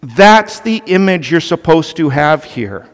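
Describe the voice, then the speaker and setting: A man's voice: fairly high pitch, big pitch swings, a little slow. A male pastor preaching a sermon earnestly and with animation, turning to the children with playful asides. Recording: long reverb of a large hall.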